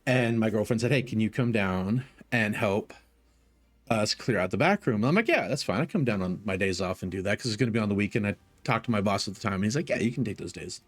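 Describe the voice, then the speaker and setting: A man's voice: fairly low pitch, quick pace. A man streaming, telling long casual stories with lots of swearing and filler words. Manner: profane, rambling, animated in retelling. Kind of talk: casual storytelling chat.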